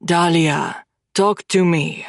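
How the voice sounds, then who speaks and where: A woman's voice: lowish voice, fairly even intonation, slow, vocal fry, no echo, studio quality, pitched below the performer's own voice. A woman voicing a sardonic young French man who teases but cares for his stepsister, in an audiobook. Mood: sympathetic.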